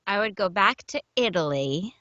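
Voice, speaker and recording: Bright-voiced giggly woman guest. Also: mid-range voice, expressive, no echo, highs cut off. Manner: giggly, quick to play along. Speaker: guest voice actor. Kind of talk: improvised comedic chat.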